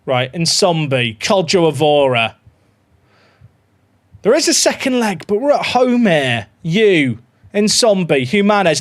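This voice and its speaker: A man live-streaming a football management game, chatting excitedly to his viewers and reacting to every goal. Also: sits high, slow pace. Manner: excitable, chatty, talks to his dog and chat. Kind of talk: live gameplay commentary.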